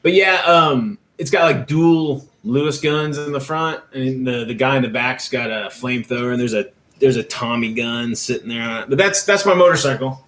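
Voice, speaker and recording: A man's voice: medium pitch, moderate pace, a bit bright, a little hiss or hum. A man in casual chat while painting miniatures, laid-back and joking, trailing off with fillers. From Central Texas. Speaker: co-host of a painting stream. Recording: echoey room.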